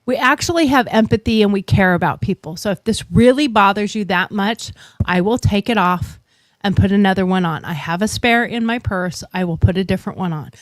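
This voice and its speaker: A woman's voice: medium pitch, a little fast, no echo. A woman telling stories in a blunt way as she chats with friends, swearing freely. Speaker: podcast host. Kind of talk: casual chat.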